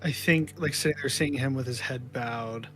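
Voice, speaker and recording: A man's voice: medium pitch, fairly bright tone, soft background music. A man playing a tabletop game, speaking playfully and trying out voices. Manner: slow, playful, trying out accents. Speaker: player. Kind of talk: tabletop role-play.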